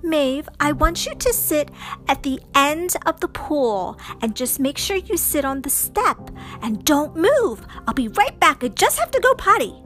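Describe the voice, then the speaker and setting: A woman's voice: high voice, sing-song, measured pace, fairly bright tone, faint music behind, full character voice. Woman doing a cheery swim teacher. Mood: instructing. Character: cheerful female swim instructor, gently scolding.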